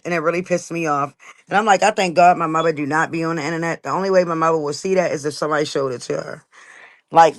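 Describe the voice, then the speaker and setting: A woman's voice: deep voice, dry recording, studio quality. Blunt, profane woman ranting on a live stream. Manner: blunt, profane, emphatic repetition. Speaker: livestream host. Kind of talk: casual livestream rant. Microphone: laptop mic on a live stream.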